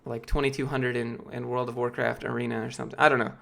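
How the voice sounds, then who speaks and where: His voice is gravelly and fairly bright, medium in pitch and level in tone, and he talks fast. He's a man from Georgia, US, in his late twenties, losing his voice while rambling casually through his live-stream chat's questions, full of fillers and restarts.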